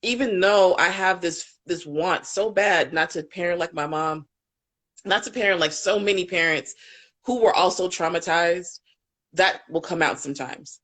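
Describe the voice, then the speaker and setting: A woman's voice: on the low side, moderate pace, a bit bright. A woman parent coach speaking candidly and with feeling in a live panel discussion, swearing freely as she talks.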